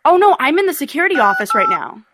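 A woman making a prank phone call, talking in brisk, persuasive sales-pitch patter. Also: very animated, background noise. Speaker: prank caller.

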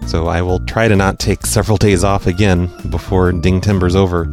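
A man with a fairly low voice hosts a casual podcast, commenting on his calls in a blunt, sarcastic way. Faint music plays softly behind him. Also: flat delivery, a little fast. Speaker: prank-call podcast host. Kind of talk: casual chat.

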